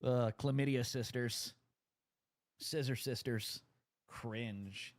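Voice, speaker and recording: A man's voice: mid-range voice, a little slow, no echo. A man streaming live, giving mocking, insulting running commentary over clips.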